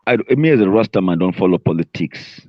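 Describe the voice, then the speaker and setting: A man from Zimbabwe in a casual panel discussion, talking rapidly and mixing English with Shona. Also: sits low, animated, no echo, dull audio. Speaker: panel guest.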